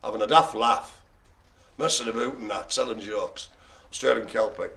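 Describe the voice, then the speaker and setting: A man's voice: on the low side, moderate pace, vocal fry, pushed and bright. A man hosting a live bingo game, joking and rambling in playful banter. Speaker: host.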